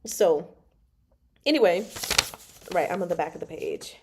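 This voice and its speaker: A woman's voice: on the low side, a little fast, background noise. A woman hosting a casual book chat, bubbly and giggly as she retells a novel's scenes. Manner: bubbly, giggly, retells dialogue in playful voices.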